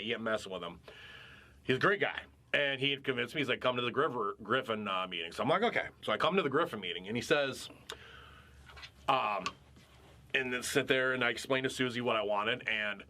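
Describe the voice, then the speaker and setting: Bright-voiced man telling a heated story. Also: medium pitch. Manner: animated, profane storytelling. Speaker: podcast co-host. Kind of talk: casual chat.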